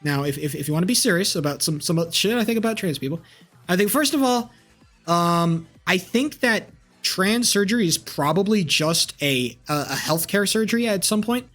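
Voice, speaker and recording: Man, high-pitched, combative profane rant, live stream. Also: expressive, moderate pace, a bit bright, soft background music. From United States. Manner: combative, profane, talks back to chat.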